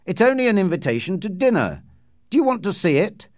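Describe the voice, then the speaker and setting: A man's voice: high voice, sing-song, a little fast, dry recording, pitched above the performer's own voice. Male reader voicing a concerned lawyer, earnest and pressing, lilting delivery, dry close sound. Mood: plain. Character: worried, probing middle-aged male lawyer. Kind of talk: audiobook character reading.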